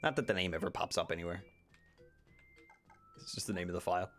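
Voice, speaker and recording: A man's voice: deep voice, quick pace, long pauses, a bit bright, faint music behind. A young man casually streaming a game, playful, with silly asides and voices. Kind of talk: casual let's-play commentary.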